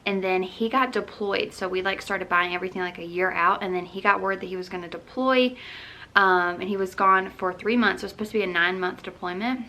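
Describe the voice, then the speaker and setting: A woman's voice: mid-range voice, fairly even intonation, a little fast, sharp tone. A young woman chatting casually at home as a lifestyle vlogger, rambling with lots of "um" and "like" into her camera mic. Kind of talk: casual chat Q&A.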